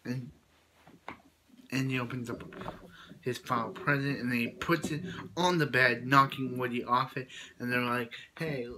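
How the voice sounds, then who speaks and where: A man casually retelling a movie plot as a reviewer, rambling with many restarts and quick quoted lines. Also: mid-range voice, fairly even intonation, background noise.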